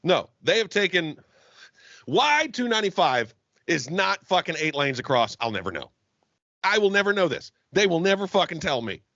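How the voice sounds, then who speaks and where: High, gravelly man ranting and swearing. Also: very animated, moderate pace, dry recording. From Florida. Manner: profane, shouting rants. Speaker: podcast co-host. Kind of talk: comedic rant. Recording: slightly muffled, dry.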